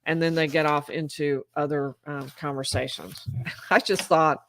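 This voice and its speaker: A woman's voice: low-pitched, flat delivery, measured pace, fairly bright tone, a little hiss or hum. A woman lawyer hosting a live-stream legal commentary, reading transcripts aloud with her own reactions in a conversational way. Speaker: lawyer and trial commentator host.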